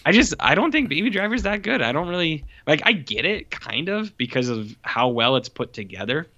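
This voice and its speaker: A man's voice: fairly high pitch, big pitch swings, brisk, pushed and bright. A man chatting casually on a podcast, rambling with constant "like"s and blunt, cursing opinions. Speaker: podcast co-host reviewing a movie. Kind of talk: casual chat. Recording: dull lo-fi sound.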